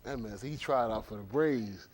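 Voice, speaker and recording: A man's voice: lowish voice, moderate pace. A man leading a congregation, telling teasing stories in casual banter before the service, in an indoor hall. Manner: teasing, storytelling, animated. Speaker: congregation leader.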